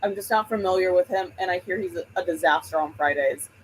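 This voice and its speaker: A woman's voice: on the low side, fast talker, slight background noise, rough recording. A woman hosting a book livestream, chatting casually and rambling while she greets viewers by name.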